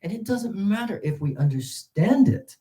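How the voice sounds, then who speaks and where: A man's voice: high voice, sing-song, moderate pace, mellow, low-quality recording. A middle-aged man giving a presentation to teachers, explaining pronunciation with many fillers and repeated example words. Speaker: teacher trainer.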